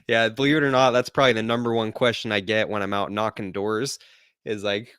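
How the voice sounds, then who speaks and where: A man from Utah, answering interview questions in a relaxed, easygoing way and laughing often. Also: on the low side, a little fast, clean tone, no echo, clean studio sound. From Utah, United States. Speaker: podcast host as interview guest. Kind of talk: live-streamed interview.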